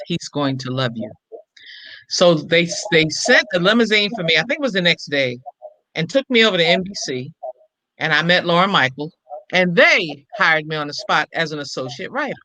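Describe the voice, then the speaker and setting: An older woman, a comedian and impressionist, telling a story in an interview and acting out every quoted line with lively shifts in voice. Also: on the low side, no echo, low-quality recording.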